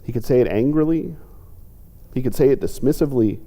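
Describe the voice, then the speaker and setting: Pastor, reflective sermon, mellow dark voice, long church reverb. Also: male voice, brisk. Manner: reflective, acts out quoted pleas with lifted pitch. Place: church sanctuary.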